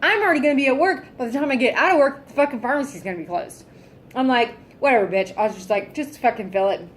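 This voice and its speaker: A woman's voice: a little high, quick pace, slight background noise. A woman venting in a casual vlog, exasperated and heavily profane, sighing often. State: fed up and irritable. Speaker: vlogger.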